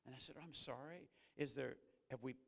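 Gravelly preacher in a reverberant hall. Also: male voice, fairly bright tone. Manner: earnest, rising to emphatic peaks then dropping low and slow. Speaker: guest preacher. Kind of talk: sermon. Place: church sanctuary.

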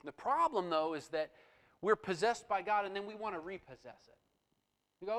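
A man's voice: high voice, moderate pace, sharp tone, rough recording. A middle-aged man preaching a sermon as pastor, conversational and personal, with emphatic bursts.

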